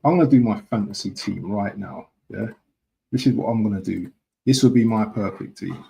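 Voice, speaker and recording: A man's voice: lowish voice, moderate pace, vocal fry, dark tone, low-quality recording. A man from talking casually to his viewers on a live stream, repeating himself and often asking "yeah?". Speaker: football fan streamer.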